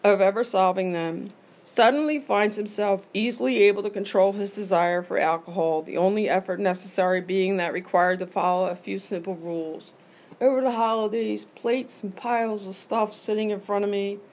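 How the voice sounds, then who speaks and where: Woman, middle-aged, recovery meeting speaker, candid personal share, earnest storytelling, mid-pitched voice. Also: fairly even intonation, normal speed, darkish tone. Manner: earnest, candid storytelling that acts out her own inner voice.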